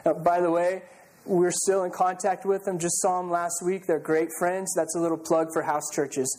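A man's voice: high-pitched, little pitch movement, moderate pace, a little mellow, slight background noise, rough recording. A middle-aged male pastor preaching a sermon, telling stories in an earnest, conversational way with frequent restarts.

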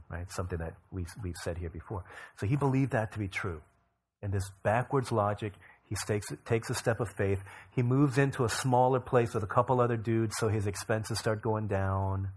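A male pastor preaching, telling a story with rising bursts of energy and quiet low drops. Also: breathy edge. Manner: energetic storyteller who rises in pitch and volume for emphasis, then drops low. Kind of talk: sermon storytelling.

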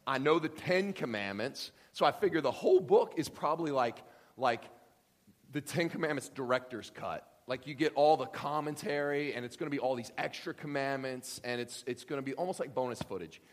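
A man preaching a sermon to a congregation, joking and acting out voices with lively energy. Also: mid-range voice, long reverb tail. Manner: animated, joking, acts out voices. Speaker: pastor.

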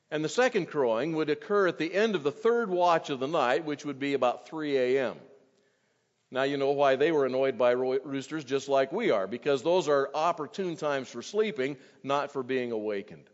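A man preaching an earnest expository sermon to his congregation, his voice rising when he quotes scripture. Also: a little high. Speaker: pastor. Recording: dull, long hall reverb.

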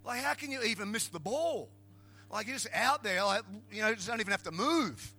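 Animated Australian pastor, high bright voice. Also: male voice, a little fast. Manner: animated, joking, building to emphatic shouts. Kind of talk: humorous sermon storytelling.

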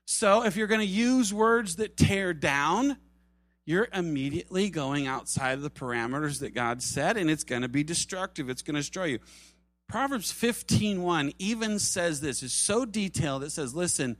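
A man preaching a sermon at a church service, animated, acting out quoted voices and dropping to soft tones for emphasis. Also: on the high side, normal speed, no echo. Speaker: pastor.

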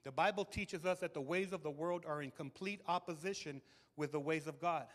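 High-voiced preacher man in a reverberant hall. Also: brisk. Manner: animated, emphatic preaching with repeated words. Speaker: pastor. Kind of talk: sermon. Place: church hall with audience. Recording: long reverb of a large hall.

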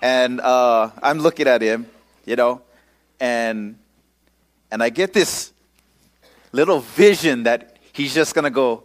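A man's voice: medium pitch, takes it slowly, long pauses. A male pastor telling a personal story in a casual sermon, using lots of local slang.

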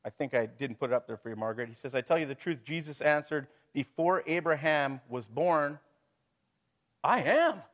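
Brisk and hardly pausing, a middle-aged man in a mid-range voice delivers a sermon to his congregation as their pastor. His style is casual, peppered with rhetorical questions and the occasional chuckle.

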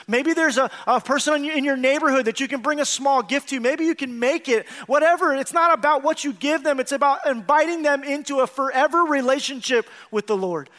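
Very high-voiced man preaching a sermon. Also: a little fast, hardly any pauses. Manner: earnest preaching with emphatic swells and quiet, confiding drops; calls out to the congregation. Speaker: pastor.

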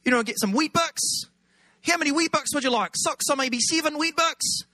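A man voicing a teasing young Australian man who mimics a New Zealand accent in a high, sing-song mocking tone. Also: brisk, bright, forceful tone, no echo. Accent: put-on New Zealand.

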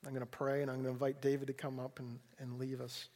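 A man's voice: mid-range voice, completely flat delivery, fast, a little mellow. A man preaching a sermon at a church service, earnest and pleading, often repeating words as he restarts a thought. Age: adult, a parent. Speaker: pastor.

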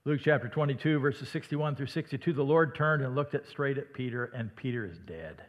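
A man from Iowa with a slight Midwestern accent, preaching a sermon in a conversational way that sometimes drops to a hush. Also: medium pitch, fairly quick, muffled recording. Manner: conversational, dramatic dips to a hush. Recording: long hall reverb.

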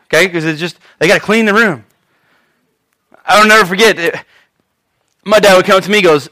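A male pastor preaching a sermon in an animated, conversational storytelling manner. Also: high-pitched, fast, long pauses.

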